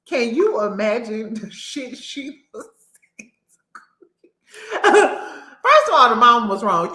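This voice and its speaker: A woman hosting a casual recap show, animated and laughing often as she acts out what people said. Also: mid-range voice, echoey room. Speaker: host.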